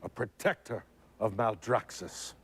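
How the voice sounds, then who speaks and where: A man's voice: lowish voice, a little slow, husky, pitched below the performer's own voice. A man reading the lines of a proud female warrior baroness in a declaiming, rousing style. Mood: solemn. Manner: declaiming, rousing battle cry.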